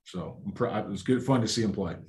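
A man's voice: fairly low pitch, quick pace. A man, a former baseball scout, telling stories in casual chat and acting out the voices of people he talked to. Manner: animated storyteller acting out phone calls. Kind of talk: casual storytelling.

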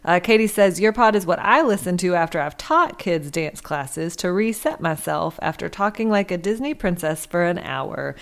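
A woman's voice: on the low side, lively intonation, normal speed, vocal fry, few pauses. Wry joking woman podcast co-host. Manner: wry, joking, playful asides. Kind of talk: casual chat.

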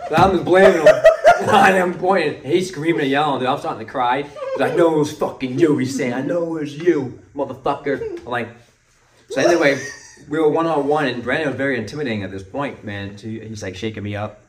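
Young dude rambling a dirty story on a podcast, swearing a lot, sounds far off and echoey. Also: male voice, medium pitch, quick pace, crowd noise. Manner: profane, rambling, laughs through his stories. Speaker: podcast co-host. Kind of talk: casual chat, storytelling. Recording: roomy sound, a bit far from the mic.

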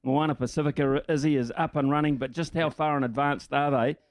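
A man's voice: fairly high pitch, steady tone, a little fast, dry recording. Older Kiwi man, dry close sound. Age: 60s. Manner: hesitant, many "uh" fillers. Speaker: radio sports show host. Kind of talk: casual radio banter.

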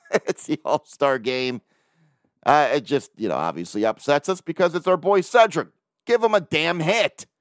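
On his solo sports podcast, a man rants casually, cursing plenty and laughing often. His voice is fairly high with lively intonation and a moderate pace, captured in clean studio sound with no echo.

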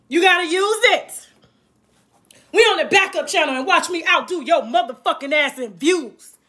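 Woman going off on a livestream, real high bright voice, cussing and mocking. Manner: taunting, crude, mocking with laughter. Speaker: livestream host. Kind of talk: profane livestream rant.

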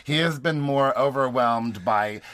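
Teasing man, even mid-pitched voice. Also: measured pace, no room sound. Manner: teasing, wry, joking. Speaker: podcast co-host. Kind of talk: casual comedic chat.

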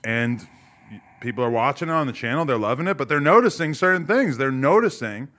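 A man hosting a podcast in casual chat, asking playful, drawn-out teasing questions. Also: mid-range voice, animated, fairly bright tone. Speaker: podcast host.

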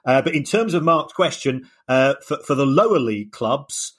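Man, mid pitch, hesitant, explanatory, podcast co-host. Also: animated, normal speed, fairly bright tone. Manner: hesitant, many restarts, explanatory. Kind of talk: casual chat.

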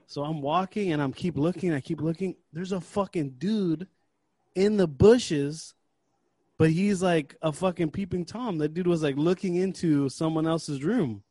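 Young man, fairly high voice, dry close sound, animated storyteller, swears freely, casual podcast chat. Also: measured pace, no room sound. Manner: animated, swears a lot, acts out his own breathlessness. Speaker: podcast co-host.

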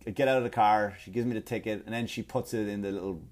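A man delivering a profane comedic rant, animated and repetitive, often stumbling over his words. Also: fairly low pitch, fast talker. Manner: animated, profane, repeats himself. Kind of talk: ranting comedic monologue.

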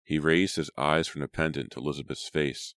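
A man narrating an audiobook in a steady, measured reading. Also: very deep voice, dry recording, clean studio sound. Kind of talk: scripted narration.

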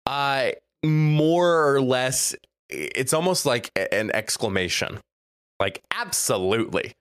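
Animated man reading a word list. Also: mid-range voice, takes it slowly, clean tone, dry recording. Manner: animated, laughs often, reads quotes with mock gravity. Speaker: podcast co-host. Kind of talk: casual chat, reading list entries aloud.

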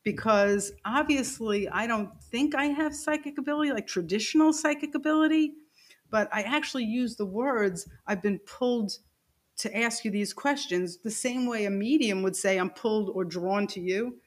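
A woman's voice: on the high side, normal speed. A woman telling a personal story as a podcast guest. She laughs as she goes and acts out the lines of the people in it. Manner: animated, laughing storyteller who acts out quoted dialogue.

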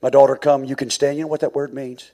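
A man preaching a sermon as pastor, swinging from quiet, low passages to high, shouted calls. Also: flat delivery, fast talker.

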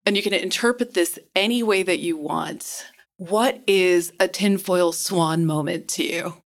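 A woman's voice: on the low side, a little slow. Conversational woman podcast interviewer. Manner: conversational, prompting questions. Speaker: interviewer host.

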